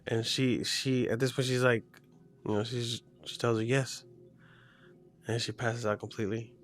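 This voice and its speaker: Man, casual horror storyteller, rambling, many fillers, mid-pitched voice, faint music underneath. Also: flat delivery, moderate pace. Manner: rambling, full of "like" fillers and restarts.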